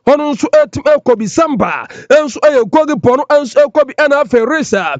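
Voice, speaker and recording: A man's voice: very high-pitched, lively intonation, moderate pace, no echo, highs cut off. A man presenting radio sports news, rattling off lists of player names.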